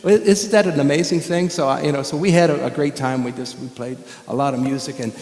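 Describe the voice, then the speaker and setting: A middle-aged man, a guest musician, telling stories to a congregation in a church, animated and chuckling often. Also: mid-range voice, fairly quick. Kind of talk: storytelling talk to a congregation. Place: church sanctuary. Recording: echoey hall with long reverb.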